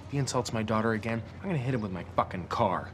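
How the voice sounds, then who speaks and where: A man's voice: on the low side, animated, very fast, very noisy, close to an everyday voice. An actor playing a father in his forties who unloads crude swearing tirades, then backpedals defensively. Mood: hostile. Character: fortyish father losing his temper, crude. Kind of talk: film comedy acting.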